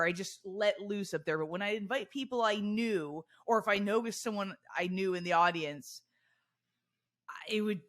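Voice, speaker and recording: A woman's voice: mid-range voice, a bit bright. Thoughtful woman podcast co-host. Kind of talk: casual chat.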